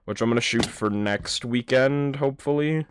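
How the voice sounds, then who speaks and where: A man's voice: mid-range voice, moderate pace, slight background noise. A man with a nasal voice rambling casually and profanely while playing a video game. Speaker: gaming YouTuber. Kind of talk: casual gaming commentary.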